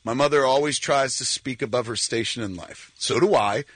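Husky-voiced guest in his forties, middle pitch, dry close recording; acts out quotes while telling stories. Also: normal speed, no room sound. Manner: animated storyteller, acts out quotes. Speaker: filmmaker guest. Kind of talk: casual talk-show storytelling.

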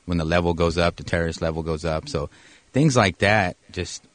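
A man who is a police officer, answering questions on a radio show in a halting, matter-of-fact way that often corrects itself. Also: deep voice, dry recording. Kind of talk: casual radio interview answers.

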